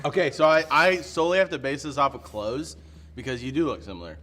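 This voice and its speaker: A man's voice: medium pitch, fast, a little hiss or hum. A young adult man, a youth pastor, laughing and joking through a casual hot-wing question game. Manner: laughs often, animated and joking.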